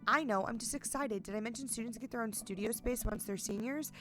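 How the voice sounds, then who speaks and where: A woman voicing an excited teenage daughter from a dating-sim game, reading the dialogue aloud in an eager, chatty way. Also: fairly high pitch, fairly quick, soft background music, natural voice. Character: cheerful teenage girl, excited about college.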